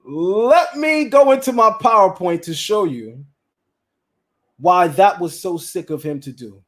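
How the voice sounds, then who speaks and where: High-voiced man hosting a casual livestream. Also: unhurried. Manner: animated, talks straight to chat and viewers, repeats lines for emphasis. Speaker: livestream host.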